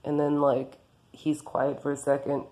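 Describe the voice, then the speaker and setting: A woman tells a loose, rambling story, stringing quotes together with "he's like." Her voice sits low and mellow. It is everyday, unpolished chat. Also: completely flat delivery, unhurried. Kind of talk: casual storytelling.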